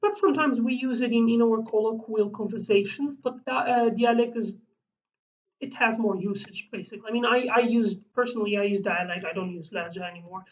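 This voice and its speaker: Woman teaching words, lots of restarts, kinda far from the mic, dull lo-fi sound. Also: on the high side. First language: Kurdish. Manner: halting, searching for words, frequent restarts. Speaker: language teacher. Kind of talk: explaining vocabulary in a lesson.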